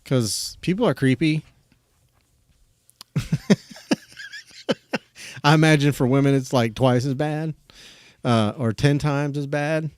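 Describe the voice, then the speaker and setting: A man hosts a podcast in a relaxed, easygoing way, often stopping and restarting his sentences as he talks with his guest. His voice sits at a middle pitch for a man. The recording is dry and close to the mic. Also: slow pace, long pauses, smooth, no room sound. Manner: easygoing, with frequent restarts and fillers. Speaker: podcast host. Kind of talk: casual conversation.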